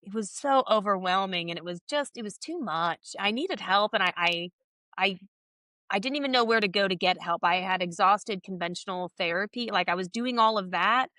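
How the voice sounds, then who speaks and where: A woman guest on a podcast, candidly telling a personal story in a casual, animated way and reenacting conversations as she goes. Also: mid-range voice, moderate pace, no room sound.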